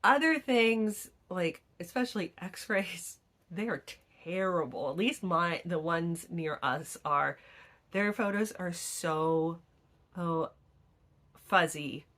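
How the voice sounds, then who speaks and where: Woman, middle-aged, casual vlog chat, storytelling, low-pitched. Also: slow, fairly bright tone. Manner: chatty storytelling, acts out quoted people. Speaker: vlogger.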